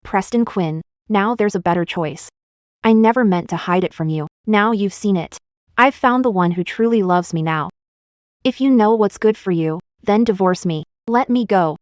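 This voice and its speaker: A woman's voice: mid-range voice, moderate pace, no echo, natural voice. A woman voicing a determined young wife in a dubbed drama, firm and cutting, in a dry booth.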